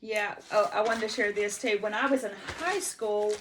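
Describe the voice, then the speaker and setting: A woman in her fifties from Texas telling stories from her life in a casual, rambling way, full of "you know" and restarts, pausing to check her notes. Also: medium pitch, a bit bright, slight background noise. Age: 50s. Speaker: personal storyteller. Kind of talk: casual life-story monologue.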